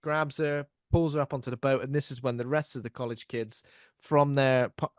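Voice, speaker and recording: A man's voice: medium pitch, normal speed, no room sound, studio quality. A man co-hosting a podcast, casually retelling a film scene and acting out the characters' lines. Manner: animated retelling, acts out lines. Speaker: podcast co-host.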